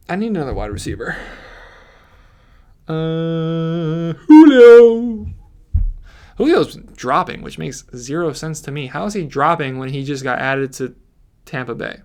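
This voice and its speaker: A man giving casual, rambling commentary on his fantasy football mock draft, ranting with frequent restarts. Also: fairly high pitch.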